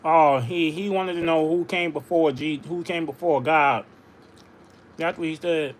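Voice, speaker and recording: Man, insistent, argumentative, fairly high voice, faint background noise. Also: steady tone, measured pace. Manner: insistent, argumentative, repeats himself. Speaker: livestream host. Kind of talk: casual livestream talk.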